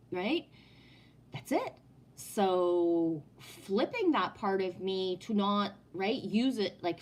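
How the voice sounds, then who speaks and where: A woman talking casually on a home live stream, answering chat in a blunt, profane way and often asking "right?". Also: mid-range voice. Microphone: no headset, sound heard in the room.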